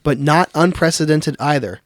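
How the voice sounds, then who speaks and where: A man's voice: fairly high pitch, moderate pace, no echo, studio quality. Wry man reading news on a podcast.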